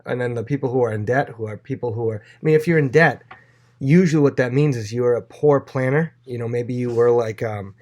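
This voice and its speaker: A man's voice: mid-range voice, moderate pace, darkish tone. A man teaching a casual Bible lesson, chatty, with many fillers, acting out quoted lines in playful voices.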